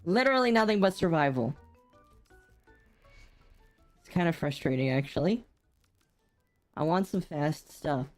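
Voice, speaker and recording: Over soft background music, a sleepy young woman talks casually while gaming live, yawning frequently and poking fun at herself as she reads chat out loud. Her low-pitched, expressive voice runs a little slow, with frequent pauses.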